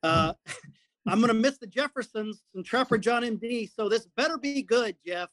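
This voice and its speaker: A middle-aged man, a guest, telling a lively personal story and acting out what people said. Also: very high voice, normal speed, no room sound. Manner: animated storyteller acting out quotes. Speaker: guest, comedy performer. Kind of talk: storytelling in casual conversation.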